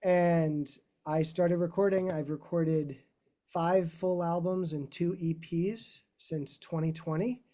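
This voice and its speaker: A middle-aged man gives a casual career talk as a classical guitarist. His voice is mellow and dark, and he rambles through asides and corrections in an easygoing way. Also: a little high, fairly even intonation, slow. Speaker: guest speaker, classical guitarist.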